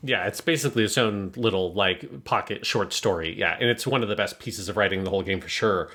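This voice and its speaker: Bright-voiced analytical man, casual chat. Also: lowish voice, quick pace. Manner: conversational, analytical, swears casually. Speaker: podcast co-host.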